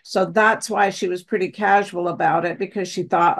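A woman's voice: on the low side, steady tone, moderate pace, gravelly, few pauses. A woman recounting a personal story in an interview, acting out the dialogue of the people in it. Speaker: guest, wife of the other guest.

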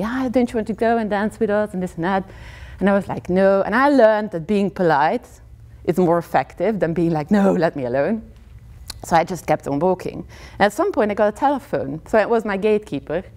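A woman lecturer from Belgium speaks English with a Flemish accent, her first language being Dutch. Her voice sits fairly low, and she tells her story with lively energy, breaking into short laughs between points. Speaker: criminology lecturer. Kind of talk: university talk.

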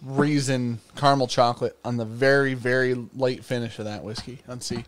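A man's voice: medium pitch, flat delivery, normal speed, a little hiss or hum. A man co-hosting a whiskey tasting live stream, boisterous and joking, swearing often in casual banter.

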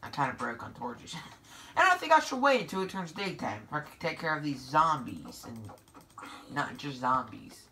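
A woman hosting a gameplay video, giving excitable, sarcastic running commentary to her viewers. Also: sits low, moderate pace, a little hiss or hum.

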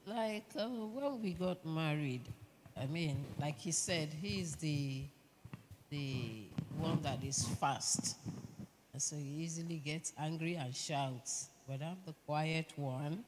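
Soft-spoken Nigerian woman in a church hall. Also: deep voice, takes it slowly, a little hiss or hum. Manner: gentle, reflective storytelling with laughter. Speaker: pastor's wife, panelist. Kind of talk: testimony on a church panel. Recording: reverberant church hall, faint ambience.

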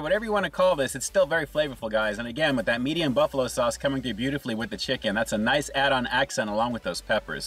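A man's voice: mid-range voice, a bit bright, husky, rough recording. A man hosting a casual food review, upbeat and chatty, talking to viewers between bites. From Southern California.

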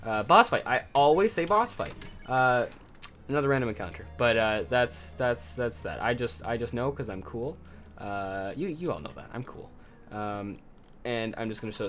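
Man, gameplay commentator, middle pitch, rambling self-deprecating chatter, faint game music behind. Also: animated, normal speed, fairly bright tone. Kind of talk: casual let's-play commentary.

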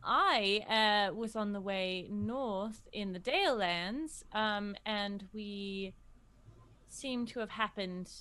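A woman's voice: medium pitch, slow pace, sharp tone, clean tone. A woman playing a flustered noble adventurer. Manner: hesitant, apologetic, stammering.

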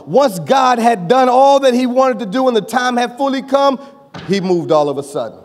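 A male pastor preaching a sermon, joking with the congregation and rising to shouts. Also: high-pitched, sing-song, moderate pace. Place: church sanctuary. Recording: long reverb of a church hall.

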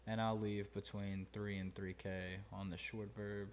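Low, flat-voiced man explaining a mix. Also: measured pace, slight background noise. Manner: laid-back, thinking aloud with many ums and uhs. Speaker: mixing engineer and channel host. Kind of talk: casual screen-recorded mixing tutorial.

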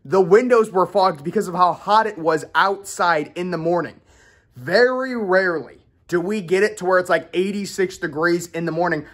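A man's voice: high voice, moderate pace, fairly bright tone. Rambling self-mocking man vlogging at home. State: sweating from the heat. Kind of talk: casual vlog talk to camera. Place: his home office, indoors.

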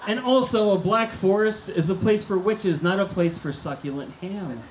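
Deadpan man doing stand-up, echoey room. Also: high-pitched, moderate pace. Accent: American. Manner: deadpan one-liners with absurd twists. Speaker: stand-up comedian. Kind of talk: stand-up comedy set. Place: movie theater stage before a live audience. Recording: echoey theater room with faint noise.

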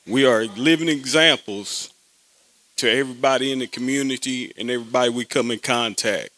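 A man speaking solemnly in a preacherly way, with pauses, to a grieving family at a memorial service. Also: medium pitch, bright, forceful tone, dry recording.

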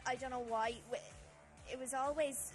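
A woman's voice: high-pitched, fairly even intonation, moderate pace, poor audio. A young woman, chatting as an actress guest on a TV interview, with lots of fillers and giggles. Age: young adult. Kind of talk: casual interview chat. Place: TV studio. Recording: music playing in the background.

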